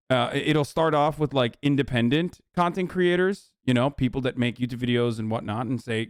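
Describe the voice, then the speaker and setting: Smooth-voiced man rambling casually. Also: mid-range voice, moderate pace, hardly any pauses, dry recording, studio quality. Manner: rambling, profane, many restarts. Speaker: streamer. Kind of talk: casual chat.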